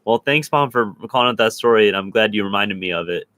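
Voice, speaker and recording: A man's voice: fairly low pitch, fast, fairly bright tone. A young man from Ohio co-hosting a paranormal show, chatting casually and reading viewer comments aloud. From Ohio, USA. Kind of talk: casual live-stream chat.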